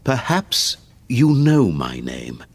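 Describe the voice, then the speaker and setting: A man voicing an anxious middle-aged banker in an audiobook, speaking quietly and hesitantly. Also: mid-range voice, wildly swooping pitch, slow pace, vocal fry, husky, no echo, full character voice.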